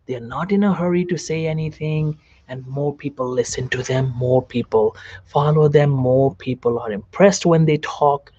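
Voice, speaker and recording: A man's voice: on the high side, moderate pace, warm tone, no room sound, lo-fi sound. A man, a doctor, giving a seated self-help psychology talk, repeating phrases and asking the viewer questions. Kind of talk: direct-to-camera self-help lecture. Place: seated on a chair.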